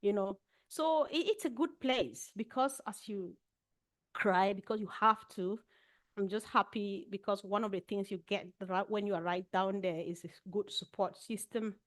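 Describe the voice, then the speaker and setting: A woman on a panel tells her own story candidly and reflectively, often restarting a sentence before she finds her words. Her voice sits at a middle pitch and sounds close and dry, with no room echo. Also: normal speed. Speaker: panel speaker. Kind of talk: personal testimony on an online panel.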